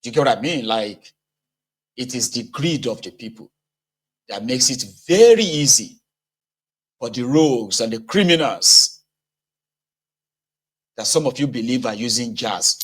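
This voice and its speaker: A man's voice: medium pitch, expressive, measured pace, long pauses. Nigerian guy talking politics, chatty and sarcastic, slips into pidgin. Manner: conversational, sarcastic, mixes in pidgin. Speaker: political commentator. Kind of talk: casual political commentary.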